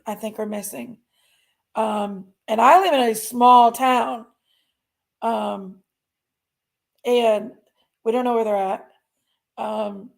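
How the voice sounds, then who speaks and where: Woman, livestream host, gravelly fry, folksy rambling delivery. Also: a little high, darkish tone. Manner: rambling, folksy, talks to chat. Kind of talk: casual livestream chat.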